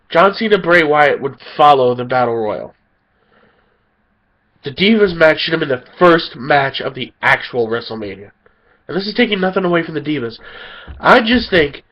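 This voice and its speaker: A man's voice: fairly high pitch, highs cut off. A man ranting angrily about wrestling, sounding tired and a little sick. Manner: heated, indignant ranting. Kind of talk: angry opinion rant.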